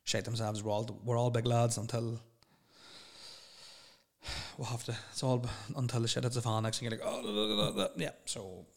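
A man's voice: mid-range voice, fairly even intonation, moderate pace, pauses often, darkish tone. A young man hosting a solo podcast, rambling and swearing bluntly as he answers listener questions. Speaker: podcast host.

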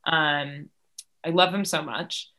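A young woman joins a podcast as a guest, talking with eager enthusiasm. Her voice is bright and forward but sits fairly low in pitch, and she fills her sentences with ums and likes. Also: steady tone, takes it slowly. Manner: enthusiastic, laughing, filler-heavy. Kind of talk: casual chat.

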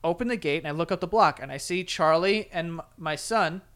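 Male podcast co-host, high voice, animated storyteller who does the voices. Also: fairly quick, smooth. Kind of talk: casual chat.

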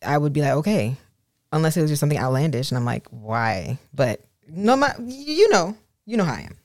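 A woman's voice: low voice, animated, fast talker, darkish tone, no echo, clean studio sound. A woman co-hosting a podcast with her husband, talking candidly and acting out quoted dialogue. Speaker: podcast co-host. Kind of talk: casual podcast chat.

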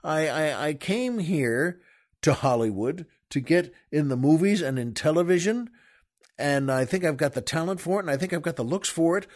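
Man playing naive young job-seeker gal, a bit higher, eager and chatty. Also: animated, normal speed. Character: young pretty woman seeking work, naive.

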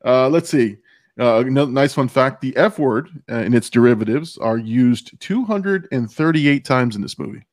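A man hosting a casual movie podcast over beers, relaxed and swearing freely as he chats. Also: mid-range voice, normal speed, no echo, clean studio sound. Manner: laid-back, profane, drinking beer on air. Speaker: podcast host.

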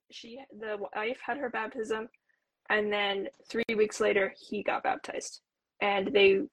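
An earnest young woman recounts a personal story as an interview guest, peppering her speech with "like." Her voice sits at an ordinary middle pitch. The sound is dry and close, with no room around it. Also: fairly bright tone, no room sound, poor audio. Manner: earnest, talks with frequent "like" fillers. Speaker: interview guest, returned missionary.

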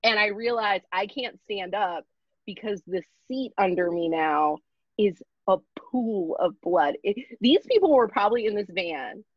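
A young woman comedian telling a story in a casual, profane, animated way and acting out the people in it. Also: mid-range voice, a little slow, slightly rough, no echo. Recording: dull lo-fi sound.

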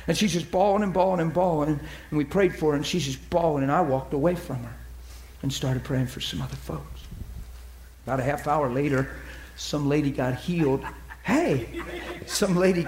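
Animated man preaching in echoey room. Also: fairly high pitch. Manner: animated, acts out quotes, drops to soft near-whisper. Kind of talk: storytelling sermon.

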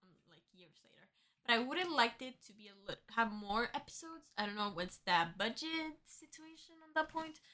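A woman's voice: fairly high pitch, brisk. A woman speaking English as a second language, chatting animatedly with a co-host about TV shows. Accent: non-native English. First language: not English. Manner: animated, talks over her partner. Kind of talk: casual chat.

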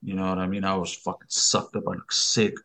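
A man with a fairly low voice tells a long story on a podcast. He talks loosely and rambles, full of swearing and street slang. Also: completely flat delivery, fairly quick, sharp tone. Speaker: podcast guest. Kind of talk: casual storytelling.

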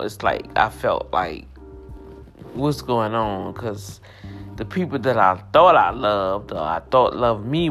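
A woman sharing an emotional personal testimony, with impassioned, emphatic, repetitive storytelling. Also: sits low.

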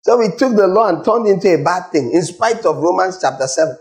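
A man's voice: sits high, expressive, fast talker, a little mellow, poor audio. A man preaching a sermon, emphatic and scolding, questioning his congregation directly and repeating his points. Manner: emphatic, repetitive, asks the audience questions.

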